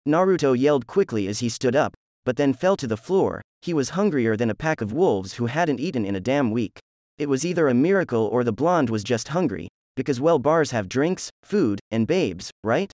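A man's voice: medium pitch, animated, normal speed, a little mellow, no room sound. A man reads a fan story aloud in a crude, jokey way, his voice in an ordinary middle register. The recording is dry and close, with no room sound. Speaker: narrator. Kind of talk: fan fiction reading.

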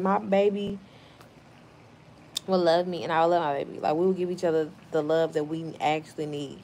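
A woman's voice: mid-range voice, fairly even intonation, moderate pace, darkish tone, slight background noise. Blunt, foul-mouthed woman streamer. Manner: blunt, profane and heated. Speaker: live streamer. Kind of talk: casual live-stream chat, reading out comments.

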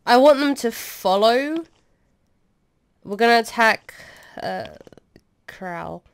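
A young woman playing a game and commenting, excitable and swearing as she shouts orders at her troops. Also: a little high, slow pace, smooth. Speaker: gaming streamer. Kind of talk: let's play commentary.

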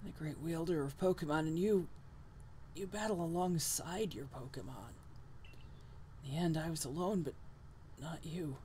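A woman reading game dialogue aloud, voicing a scheming young male villain who speaks low and hushed, then rises to a fanatical shout. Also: normal speed, long pauses, a little hiss or hum, close to an everyday voice. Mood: brooding.

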